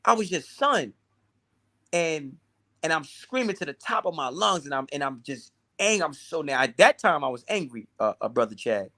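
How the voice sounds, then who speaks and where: A man's voice: a little high, animated, fairly quick, few pauses, fairly bright tone. A man telling his own hard story as an interview guest, intense, often repeating and restarting his words. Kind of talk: emotional personal storytelling.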